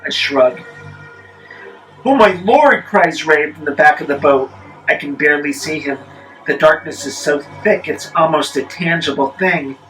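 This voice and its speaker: A man telling a spooky story in the first person, measured, with wry deadpan asides. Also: a little high, faint music behind, rough recording.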